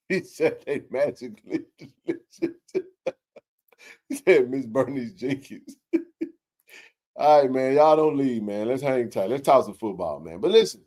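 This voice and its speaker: A man hosting a casual sports talk show, joking and bantering in slangy, animated talk. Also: medium pitch, takes it slowly, long pauses.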